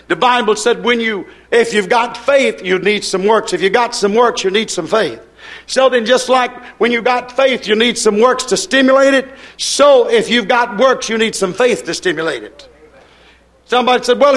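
A man preaching a sermon in an emphatic, repetitive cadence, breaking into shouts. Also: high voice.

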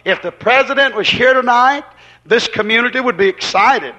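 A man preaching a fervent sermon, emphatic and repetitive, swinging between loud exclamations and hushed asides. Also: very high voice, animated, normal speed. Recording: dull lo-fi recording.

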